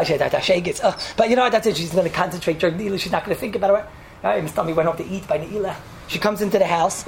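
A man's voice: high voice, vocal fry, a little hiss or hum. A man giving a casual, rambling Torah talk, telling a story and sprinkling his speech with Hebrew and Yiddish terms.

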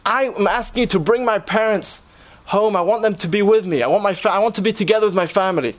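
A man's voice: high-pitched, fast, voice pushed up, lightly acted. A man voicing a tearful young boy who pleads insistently for help, raising his voice as he begs. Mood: pleading.

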